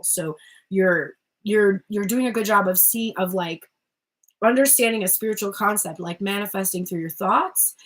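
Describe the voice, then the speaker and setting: A woman's voice: medium pitch, fairly bright tone, rough recording. A young woman giving a spiritual card reading at home, talking in a chatty, rambling way full of fillers and restarts, into a phone or webcam. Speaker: tarot reader.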